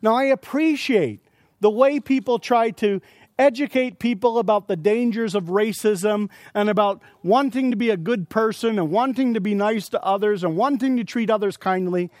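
A man's voice: sits high, normal speed, darkish tone, no room sound, clean studio sound. A man preaching a sermon at a conference, earnestly explaining scripture with everyday examples. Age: adult with young children. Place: conference session.

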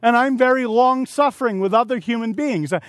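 High-voiced man preaching a sermon. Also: fairly quick, no room sound. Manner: storytelling with acted-out quotes and shouted asides.

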